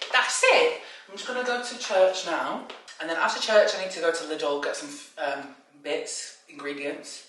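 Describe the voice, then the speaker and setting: A woman's voice: deep voice, fairly bright tone. A young British woman vlogging in a casual, bubbly way, talking straight to her viewers. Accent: British English. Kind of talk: casual vlog chat. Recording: echoey room with background noise.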